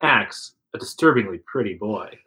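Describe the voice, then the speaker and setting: A man's voice: fairly low pitch, expressive, normal speed, bright, forceful tone, poor audio. A man reading a second-person adventure story aloud to friends, voicing the quotes with some liveliness. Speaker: narrator reading an interactive story.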